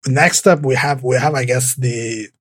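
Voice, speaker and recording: A man with a husky, slightly breathy voice chats about tech on a podcast, circling back over his words with lots of fillers and restarts. The sound is dry and close to the mic, with no room around it. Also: medium pitch, steady tone, unhurried, no room sound. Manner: rambling, many restarts and fillers. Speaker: podcast co-host. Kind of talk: casual tech podcast chat.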